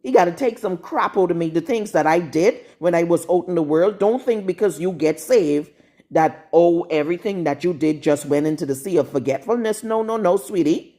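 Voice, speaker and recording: A woman's voice: on the low side, normal speed, mellow. A woman preaching a live-streamed sermon in a blunt, scolding, confrontational manner. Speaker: prophetess.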